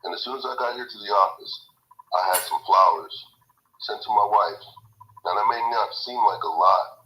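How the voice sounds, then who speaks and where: A man calling in to a live stream, earnest and halting, holding back tears as he tells his story. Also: fairly low pitch, highs cut off, slight background noise. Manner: halting, earnest, repeats words and restarts. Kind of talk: emotional call-in testimony.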